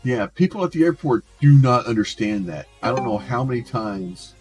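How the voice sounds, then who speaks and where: A man's voice: medium pitch, very animated, moderate pace, soft background music. A man streaming a game, chatting casually and rambling, often restarting his words. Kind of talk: casual chat while gaming.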